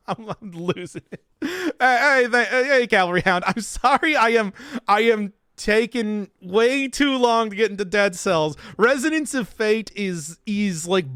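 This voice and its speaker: Streaming a video game, a man chats casually with his viewers, rambling, giggly, and laughing a lot as he talks to chat. His high voice is pushed and bright yet clean-toned, with lively intonation and a slow pace. The studio sound is clean, with no room sound.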